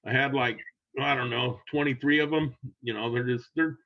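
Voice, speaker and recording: An older man telling a long rambling story in casual chat, animated and laughing, acting out quotes in a raised voice. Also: medium pitch, normal speed. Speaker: guest storyteller. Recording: dull lo-fi sound.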